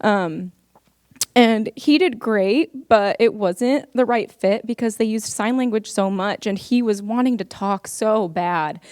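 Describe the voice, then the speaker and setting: A woman's voice: mid-range voice, darkish tone, dry recording, clean studio sound. A young woman speaking to an audience as a parent, in an earnest, heartfelt personal speech with frequent ums.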